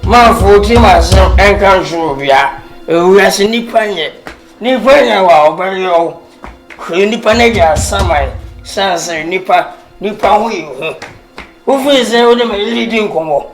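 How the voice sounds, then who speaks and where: An actor playing a husband who lectures and scolds a young person. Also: male voice, sits high, expressive, measured pace, echoey room, faint music behind. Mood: scolding.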